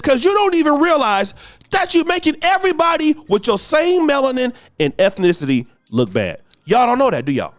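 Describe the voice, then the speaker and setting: Preachy, animated male podcast ranter. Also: very high-pitched, moderate pace, dry recording. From United States. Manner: preachy, emphatic, swings between shouting and muttering. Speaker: podcast host. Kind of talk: ranting commentary monologue.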